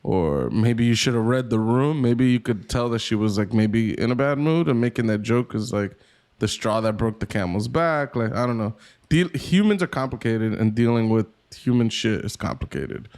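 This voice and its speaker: A man's voice: mid-range voice, lively intonation, moderate pace, darkish tone. A man in his thirties co-hosting a podcast, chatting casually, rambling and self-deprecating, swearing freely. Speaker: podcast co-host.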